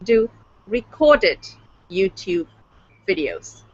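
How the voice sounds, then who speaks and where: A woman's voice: mid-range voice, very animated, drawn-out words, dull audio. A woman on a panel giving tentative suggestions, often ending with tag questions. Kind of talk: casual panel chat.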